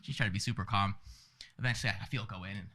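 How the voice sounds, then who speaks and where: A man's voice: fairly low pitch, racing. A young man on a podcast telling a funny story about himself, acting out the other people's lines. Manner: animated, self-mocking, acts out dialogue. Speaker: podcast co-host. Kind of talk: casual storytelling.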